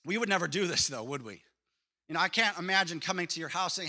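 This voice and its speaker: A man preaching a sermon as a pastor, lively and emphatic, telling stories. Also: high voice, fast talker.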